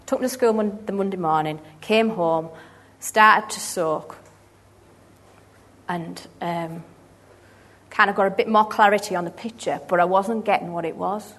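Woman, 30s, earnest church testimony, halting delivery, mid-range voice. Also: mid-range voice, a bit bright. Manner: earnest, halting, with many restarts. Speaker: church member giving testimony. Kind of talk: personal testimony storytelling.

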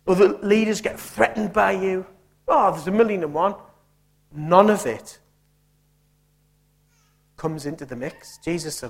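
A man's voice: high-pitched, a little slow, creaky, long pauses. Punchy preacher man. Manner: emphatic, punchy, rhetorical questions. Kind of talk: sermon.

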